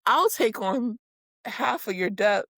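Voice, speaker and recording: A woman co-hosting a podcast in casual chat, animated and laughing, swearing freely and acting out quotes. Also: a little high, slow pace, no echo, studio quality. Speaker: podcast co-host. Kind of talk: casual chat recapping reality TV.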